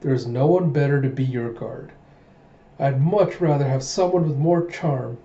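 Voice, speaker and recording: A man's voice: medium pitch, moderate pace, dark tone, natural voice. A man voicing an easygoing, fatherly middle-aged king who speaks in a mild, placating way. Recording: echoey room, muffled lo-fi mic.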